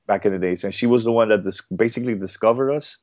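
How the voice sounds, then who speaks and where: A man talking as a podcast guest in a casual interview, halting and full of fillers and repeated words. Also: lowish voice, a little mellow, dry recording. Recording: dull dry podcast audio.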